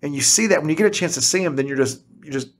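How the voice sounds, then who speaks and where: A man's voice: on the high side, racing. A middle-aged man, a teacher and podcast guest, telling stories in casual chat and acting out what people said. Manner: animated storyteller, acts out quotes.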